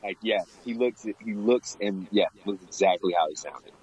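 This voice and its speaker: A man's voice: on the low side, normal speed, a little mellow, muffled recording. A young man being interviewed about bartending. He rambles casually, fills his talk with fillers and laughs often. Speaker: guest, former bartender.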